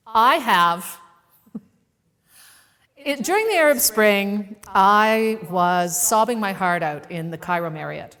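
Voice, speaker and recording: A woman speaker telling a personal story to a live audience in a playful, animated way, acting out the voices in it. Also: mid-range voice, slow, long pauses, big-room sound. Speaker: keynote speaker. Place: event venue with a live audience.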